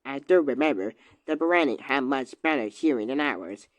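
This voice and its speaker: A chatty, puzzled cartoon companion, as a performer voices it, asking question after question. The voice is smooth and resonant, recorded close and dry with no room sound. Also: mid-range voice, lively intonation, moderate pace, no room sound, lightly acted.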